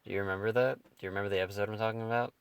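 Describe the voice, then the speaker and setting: A man's voice: on the low side, fairly even intonation, rapid-fire, slight background noise. A young man co-hosting a podcast in casual chat, who laughs as he retells comedy scenes. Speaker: podcast co-host.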